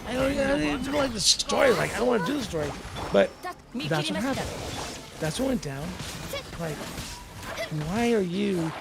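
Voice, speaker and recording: Male guest, gravelly voice, a bit high, profane rambling anecdotes, faint music under. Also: animated, normal speed, pauses often. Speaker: tv reporter guest. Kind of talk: casual chat.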